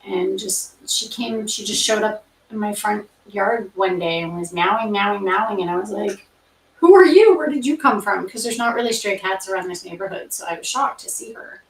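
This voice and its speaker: A middle-aged woman from Canada, chatting casually and rambling softly with fillers between study sessions. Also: medium pitch, steady tone, moderate pace, far from the mic. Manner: soft, rambling storytelling with many fillers. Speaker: nursing grad student, study-with-me host. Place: home room. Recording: roomy, from off the mic.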